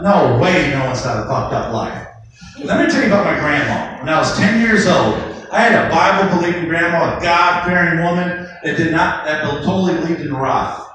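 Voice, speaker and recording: Brash comic in an echoey club. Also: male voice, a bit bright, slight background noise. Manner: brash storyteller acting out shrill voices. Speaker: stand-up comedian. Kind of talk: stand-up comedy routine. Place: comedy club stage. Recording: echoey club from a distant mic. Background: audience laughter.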